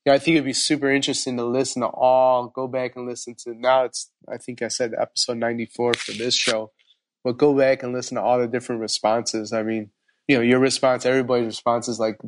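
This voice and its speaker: A man hosting a podcast interview, telling stories in a chatty, animated way. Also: mid-range voice, quick pace, slight background noise. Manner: animated storyteller, frequent fillers. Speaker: podcast host. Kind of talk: casual interview chat.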